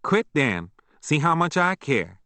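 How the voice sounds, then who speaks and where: A male narrator voicing a stern, sharp-tongued elderly grandmother who scolds curtly. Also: fairly high pitch, sing-song, measured pace, no room sound, pitched above the performer's own voice, exaggerated voice. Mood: taunting. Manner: scolding, curt.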